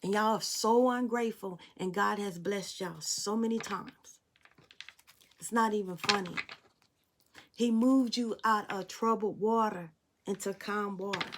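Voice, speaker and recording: A woman's voice: mid-range voice, measured pace, slight background noise. A woman giving a spiritual tarot reading to her viewers, preachy and blunt, talking straight at them and swearing now and then. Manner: preachy, blunt and emphatic, addressing viewers directly; swears casually. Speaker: tarot reader.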